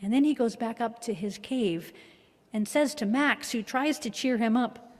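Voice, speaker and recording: A woman minister giving a reflective, measured sermon with a gently wry touch. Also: a little high. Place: worship hall. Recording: long hall reverb.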